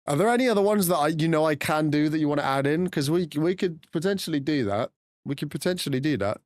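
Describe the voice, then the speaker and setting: A man's voice: on the high side, animated, fast talker, no room sound. A young adult man streaming a game, chatting loosely with his chat, swearing freely and greeting viewers by name, on a close desk mic. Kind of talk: casual live-stream chat.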